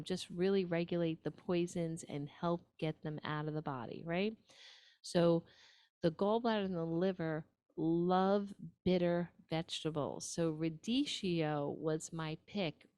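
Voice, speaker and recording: Chatty New York woman, low dry voice. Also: darkish tone, no room sound. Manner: chatty, frequent ums, asides to the audience. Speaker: nutrition show host. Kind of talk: casual talk-show advice.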